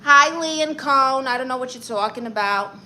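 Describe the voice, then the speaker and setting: A woman putting on a sassy Brooklyn aunt with a bright, high-ish voice, firing back quick comebacks as she reads chat on a comedy livestream. She's brassy and self-assured, and there's a faint hiss of noise under her. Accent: Brooklyn New York. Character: brash Brooklyn aunt who plays a self-appointed therapist. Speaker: comedian doing a character livestream. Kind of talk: character comedy livestream reading chat comments.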